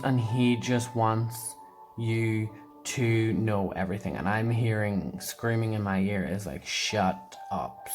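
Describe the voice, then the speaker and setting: A man giving a casual tarot reading, thinking aloud and meandering with frequent pauses. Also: mid-range voice, a bit bright. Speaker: tarot card reader.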